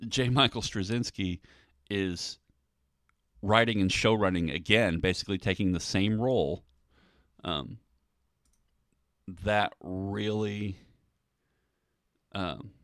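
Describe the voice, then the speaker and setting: Deep gravelly man hosting a podcast. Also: takes it slowly, long pauses, fairly bright tone, dry recording, studio quality. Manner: rambling, self-described nerd, many ums and restarts. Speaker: podcast host. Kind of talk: casual solo podcast commentary.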